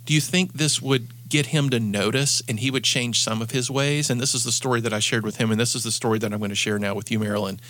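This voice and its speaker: A man's voice: mid-range voice, a bit bright. A man hosting an advice show as a coach, telling stories earnestly and often restarting his sentences. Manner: earnest storytelling, frequent restarts. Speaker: podcast host and coach.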